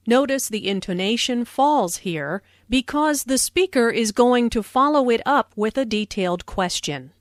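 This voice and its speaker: A woman giving scripted English language notes, explaining phrases clearly and deliberately. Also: fairly high pitch, dry recording, studio quality. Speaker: English teacher. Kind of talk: scripted language-lesson narration.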